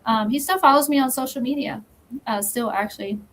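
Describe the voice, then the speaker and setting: A woman guest on a podcast with a slightly high voice, telling her story in a measured, firm way. She pauses often and speaks plainly. Faint noise sits behind her. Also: a bit bright, poor audio. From Texas. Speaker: podcast guest, magazine founder. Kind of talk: casual interview chat.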